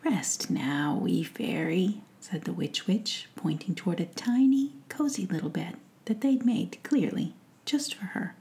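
A woman narrating a bedtime story in a hushed, soothing whisper. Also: medium pitch, expressive, normal speed.

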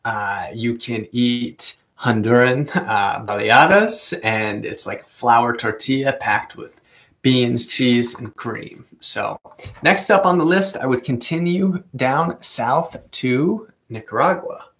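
Gravelly-voiced man giving chatty travel tips. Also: mid-range voice, slow pace, fairly bright tone. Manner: chatty, with fillers, careful over Spanish names. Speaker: travel vlogger. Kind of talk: casual travel guide talk.

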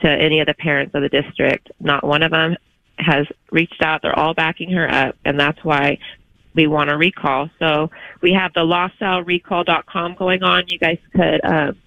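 A woman's voice: low-pitched, flat delivery, moderate pace, creaky, a bit bright, dry recording. A woman phoning into a radio show, a parent speaking indignantly and pressing her point. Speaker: caller. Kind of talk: phone-in call. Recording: dull lo-fi phone line.

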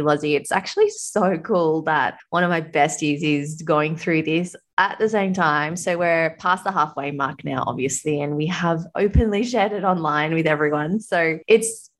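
Lower-voiced woman in casual chat. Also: normal speed, few pauses. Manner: warm, chatty, often laughing mid-sentence.

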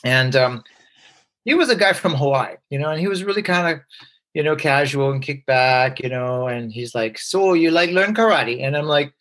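A man telling a personal story as a guest, lively, acting out the voices of people he quotes, with many fillers. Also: medium pitch.

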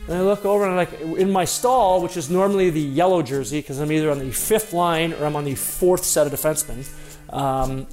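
A former hockey player telling a story in a casual, rambling way, with a self-deprecating tone and frequent fillers and restarts. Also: male voice, a little high, quick pace, darkish tone, faint music behind.

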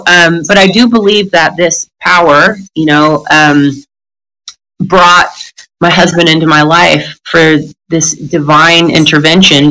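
A middle-aged woman, a guest, tells her recovery story candidly in conversation, blunt and profane, laughing and acting out other people's lines. Her deep voice comes across bright and forward on a rough recording.

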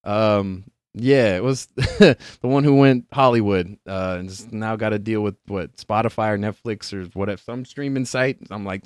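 A man's voice: on the low side, moderate pace, clean tone, no room sound, clean studio sound. A man hosting a live-streamed podcast in a loose, rambling way, laughing often and swearing casually.

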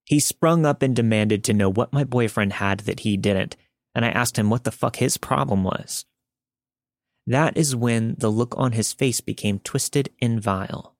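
A man reads a listener's true story aloud with steady, scripted podcast narration. His voice sits at a middle pitch and is recorded close on a dry mic. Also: no room sound.

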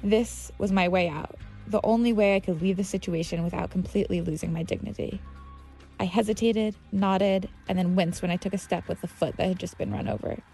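A woman's voice: medium pitch, fairly even intonation, fairly quick, gravelly, warm tone, faint music behind. A woman telling her own story as scripted narration, tense and vivid. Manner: tense, vivid storytelling with heated quoted outbursts.

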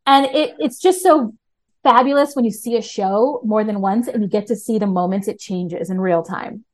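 A woman talking as a podcast guest in casual chat, animated, with frequent restarts. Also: medium pitch, moderate pace.

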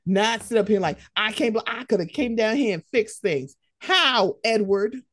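A woman co-hosting a podcast, ranting in heated casual commentary, animated and profane. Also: fairly high pitch, moderate pace, slight background noise.

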